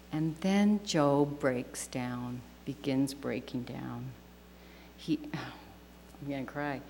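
A woman's voice: low-pitched, darkish tone. A woman teaching a scripture lesson to a class, reading verses aloud in an earnest, reverent way. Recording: long hall reverb with faint hum.

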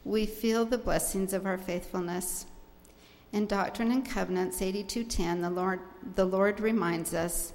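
A woman's voice: medium pitch, fairly even intonation, unhurried, a little mellow, long reverb tail, slight background noise. A woman closing a church talk with an earnest, reverent testimony from the pulpit. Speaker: church speaker.

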